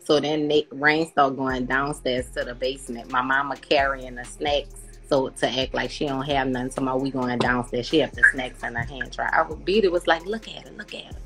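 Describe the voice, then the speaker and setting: A woman's voice: extremely low pitch, normal speed, music in the background. A woman in her thirties with a New Orleans accent, chatting and teasing casually on a phone livestream. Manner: teasing, laughing, lively Southern slang. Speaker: mother on a live video chat.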